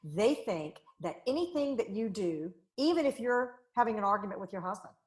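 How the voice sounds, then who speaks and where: Woman in her 40s hosting an interview show, pitch jumps all over, talks fast in long bursts. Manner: animated, emphatic, talks in long runs. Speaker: podcast host. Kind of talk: conversational interview.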